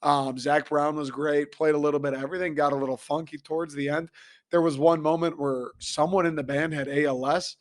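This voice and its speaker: Hoarse raspy young guy from michigan, fired-up sports rant, cusses a lot, kinda high voice. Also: a little fast. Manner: profane, excitable rants. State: hoarse after a concert. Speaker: sports podcast host. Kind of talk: casual sports talk monologue.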